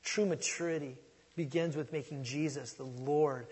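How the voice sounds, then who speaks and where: Middle-aged male pastor, slightly high husky voice, chatty sermon with loud punches, long hall reverb. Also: fairly even intonation, normal speed. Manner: conversational preaching, swings from soft asides to loud emphasis.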